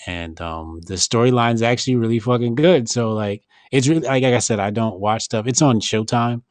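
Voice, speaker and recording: A man trades blunt, slangy banter in a casual podcast chat. His voice sits mid-pitch and sounds dry and close, with no room around it. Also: moderate pace, dry recording. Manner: blunt, slangy, animated banter, laughs often. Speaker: podcast host.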